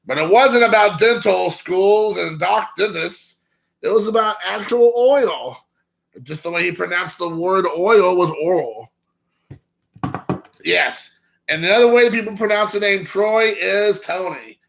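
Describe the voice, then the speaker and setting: A man hosting a live stream and chatting loosely with viewers, rambling from one story to the next. His voice is bright and sharp, with a gravelly crackle running through it. It sits a little high for a man. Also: unhurried. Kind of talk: casual chat with viewers.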